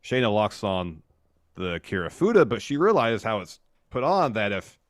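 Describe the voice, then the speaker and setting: A man co-hosting a podcast who walks through a wrestling match step by step in a relaxed way, with many fillers. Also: on the low side, moderate pace, no room sound, studio quality. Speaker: podcast co-host. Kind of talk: casual play-by-play recap.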